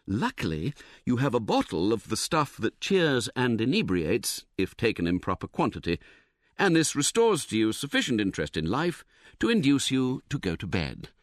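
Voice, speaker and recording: A man narrating a comic novel as an audiobook, in a wry, expressive, theatrical manner. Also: medium pitch, no echo, studio quality.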